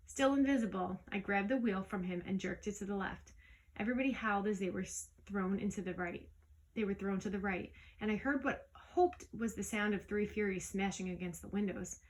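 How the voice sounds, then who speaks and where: A woman reading a storybook aloud in the first person, lively, with small slips that she corrects as she goes. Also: medium pitch, a little fast, rough recording. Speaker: audiobook reader. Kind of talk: storybook read-aloud narration.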